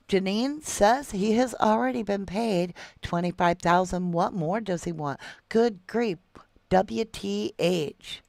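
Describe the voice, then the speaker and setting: A woman's voice: on the low side, gravelly, no echo. A middle-aged woman hosts a true crime livestream, reading viewer comments and calling them love and sweetheart.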